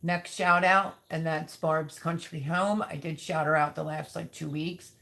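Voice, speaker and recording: A woman with a low voice talks at an unhurried pace, hosting a casual live-stream chat. Noise and chirping birds are clearly audible behind her. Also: fairly even intonation. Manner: coos softly to her chicks. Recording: background noise with bird chirps.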